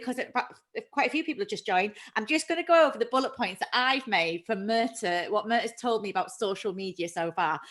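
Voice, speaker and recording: A woman's voice: fairly high pitch, fairly bright tone. A woman hosting a casual live chat, talking freely and laughing often at herself. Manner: chatty, laughs often, self-deprecating. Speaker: livestream host.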